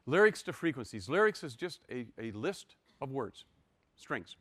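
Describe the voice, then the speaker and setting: A man's voice: mid-range voice, very animated, moderate pace, a bit bright, no echo, studio quality. An older man giving a university lecture, walking step by step through code with wry, self-deprecating asides.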